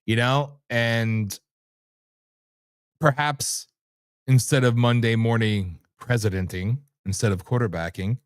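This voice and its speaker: A man hosting his own stream, ranting in a loud, brash way and swearing freely. His delivery is sarcastic and animated, and his voice sits in an ordinary middle register. The sound is close and dry, with no room echo. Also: mid-range voice, slow pace, pauses often, clean tone. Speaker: livestream host. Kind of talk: ranting commentary.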